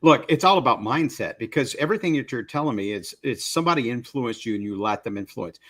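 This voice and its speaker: A man's voice: mid-range voice, lively intonation, quick pace, a bit bright. Easygoing man hosting a podcast. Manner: easygoing and affirming, telling coaching anecdotes. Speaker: podcast host. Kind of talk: casual interview chat.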